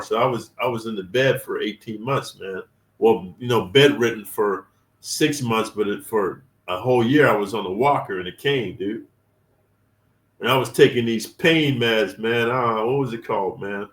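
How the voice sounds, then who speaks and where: Man, profane street talk, emphatic storytelling rant, echoey room. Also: on the low side. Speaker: channel host sharing prison experience. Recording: roomy and distant from the mic.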